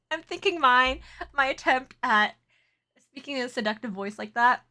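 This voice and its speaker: Giggly female streamer, bright, fairly high voice, casual chat with viewers. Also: normal speed. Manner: giggly, laughs often, flustered and chatty.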